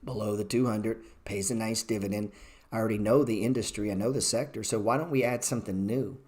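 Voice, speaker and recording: A man with a somewhat low voice runs a live-streamed trading class. He is blunt and profane, walking through stock charts in a casual way and snapping at viewers in the chat. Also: fairly even intonation, fast, darkish tone. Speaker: trading educator.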